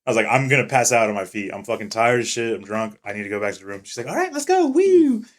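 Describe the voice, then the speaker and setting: Fast-talking man telling profane stories. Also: fairly low pitch. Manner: swearing, animated retelling with quoted voices. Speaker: podcast co-host. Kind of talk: casual chat, storytelling.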